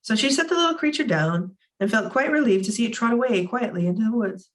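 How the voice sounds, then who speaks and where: A woman reading a children's novel aloud for a library in a lively, expressive way. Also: a little high, quick pace, distant mic. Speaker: library storytime reader.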